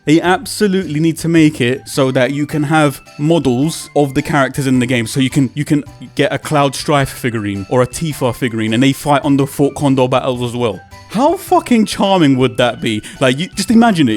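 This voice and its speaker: A British man hosting a gaming video, gushing and swearing in an excited casual rant while he paces a room at home. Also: a little high. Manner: gushing, profane, repeats himself; pacing around while talking. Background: faint game music.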